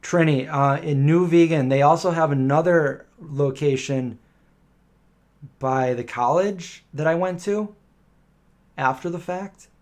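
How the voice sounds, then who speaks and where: A man's voice: fairly high pitch, slow, a little mellow. A middle-aged man hosting a casual live question-and-answer stream, telling rambling anecdotes and acting out the voices of people he quotes.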